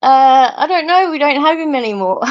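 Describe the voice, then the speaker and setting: A woman who is sick with a cold chats casually with a friend on a video call, easygoing and laughing often. Her high-pitched, expressive voice is rough and gravelly at normal speed. The recording has no room sound and the highs are cut off.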